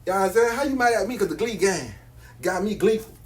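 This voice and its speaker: A man's voice: sits high, animated, quick pace. A man, selling jewelry on a phone live stream, boastful and slangy, repeating his hype lines.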